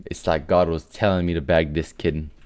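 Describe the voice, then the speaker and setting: A man hosting a gaming video who plays a boastful rich penguin in voice chat, talking in a brash, mocking, trash-talking way with loud bursts. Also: rumbling low, little pitch movement, moderate pace. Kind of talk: in-game voice chat role-play.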